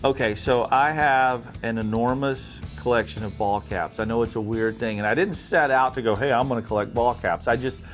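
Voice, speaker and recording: A man's voice: mid-range voice, moderate pace, hardly any pauses, faint music behind. A man from Tennessee with a Southern accent, a radio host chatting casually in a folksy, storytelling way. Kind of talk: casual chat.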